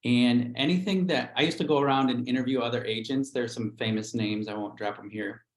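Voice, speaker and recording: A middle-aged real estate agent talks candidly about how he built his business. His voice sits at an ordinary pitch, and he slips into quick acted-out quotes. The sound carries an echoey room around him. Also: fairly even intonation. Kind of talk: livestream interview storytelling.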